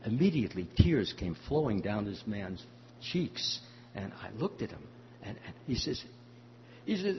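An older man giving a devotional talk, telling a story in a halting way with many fillers. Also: lowish voice, very animated. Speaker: spiritual teacher. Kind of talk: devotional talk answering questions. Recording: muffled hall recording with faint hum.

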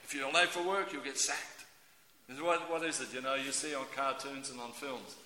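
A man preaching a sermon in a lively, theatrical way, acting out everyday scenes with voices. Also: medium pitch, fairly quick, slight background noise. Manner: animated, acts out scenes with voices. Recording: echoey hall.

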